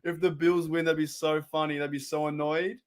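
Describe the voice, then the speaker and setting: A man's voice: fairly high pitch, flat delivery, fairly quick. Chatty Australian man on a livestream. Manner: chatty, reacts to plays and reads chat aloud. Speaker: live stream host. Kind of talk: casual live-stream game commentary.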